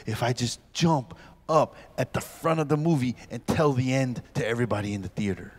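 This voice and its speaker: A man in his forties, a pastor giving a humorous lecture at a youth camp, telling stories in an animated comic way and acting out scenes. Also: medium pitch, fairly quick. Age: 40s.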